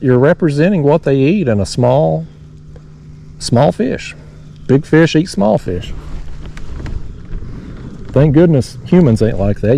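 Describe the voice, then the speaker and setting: Fishing from a kayak on a lake beneath a dam, a man rambles to his viewers in a casual, folksy way. His fairly high voice is gravelly with a dark tone, and there's slight background noise.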